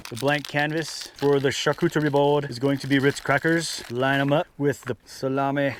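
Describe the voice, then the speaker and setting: A man's voice: medium pitch, a little hiss or hum. A man chatting casually to the camera at a mountain campsite, talking to his dogs as he sets out snacks. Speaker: outdoor vlogger. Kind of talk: casual camp vlog talk.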